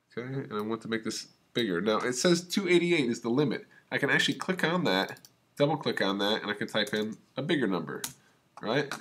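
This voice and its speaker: In a screen-recorded software tutorial, a man with a fairly low but slightly bright voice teaches video editing. He explains every click step by step in a relaxed, casual manner.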